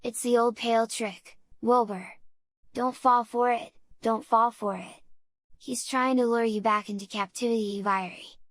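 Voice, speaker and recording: A woman voicing a bossy, excitable farmyard goose who repeats her urgent warnings. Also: on the high side, unhurried, dry recording, clean studio sound, lightly acted.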